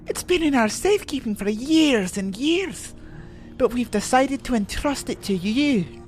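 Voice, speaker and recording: A man's voice: very high-pitched, animated, unhurried, faint music behind, voice pushed up. A man doing a lilting British pixie. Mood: teasing. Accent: put-on British. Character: playful mischievous pixie, high fairy voice. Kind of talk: reading game dialogue aloud on stream.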